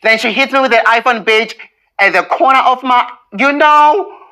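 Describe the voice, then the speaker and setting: A man's voice: very high-pitched, moderate pace, sharp tone, smooth, rough recording. A man recounting a personal story in a gossipy, profane way, with bursts of laughter.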